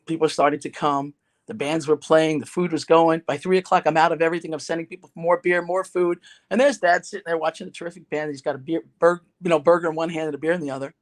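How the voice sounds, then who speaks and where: Middle-aged woman guest, lively anecdotal storyteller, chatty with frequent restarts. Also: low voice, quick pace. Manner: animated, conversational storyteller with restarts. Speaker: guest, ghostwriter and speaker. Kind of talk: told anecdote and podcast chat.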